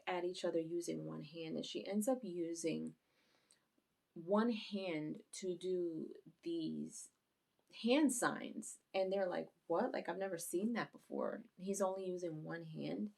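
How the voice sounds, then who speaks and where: A woman with a lowish, gravelly voice recaps an anime episode for her YouTube channel. She rambles casually through the scenes and grows animated as she retells the action.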